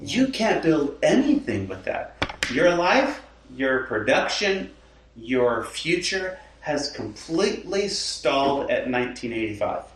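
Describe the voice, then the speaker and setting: A man's voice: a little high, takes it slowly, a little hiss or hum. A man who is a lead pastor talking casually and acting out the things people tell themselves. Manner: lively, acts out quoted inner talk, laughs often. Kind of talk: casual chat. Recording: roomy sound from a distant mic.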